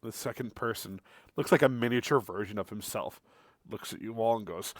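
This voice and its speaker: A man narrating as game master of a tabletop role-playing game in a lively, animated way. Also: on the low side, fairly quick, no echo, studio quality.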